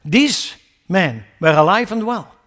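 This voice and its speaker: This preacher speaks slowly in a high, animated, somewhat bright voice. Sarcastically paraphrasing wrong ideas to ridicule them, he fires off rhetorical questions and climbs toward emphatic high points before stressing his message.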